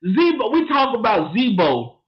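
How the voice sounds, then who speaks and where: A man's voice: sits high, big pitch swings, moderate pace. A man co-hosting a sports podcast, talking emphatically with laughter and playful trash talk. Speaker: podcast co-host. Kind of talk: casual sports chat. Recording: echoey, dull lo-fi room sound.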